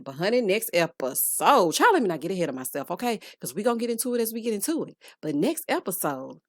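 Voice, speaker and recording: Sassy woman for a chatty TV recap, lively and expressive, dry close mic. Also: medium pitch, dry recording. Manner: sassy, calls viewers honey and child, bursts of laughter. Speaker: reality TV recap host.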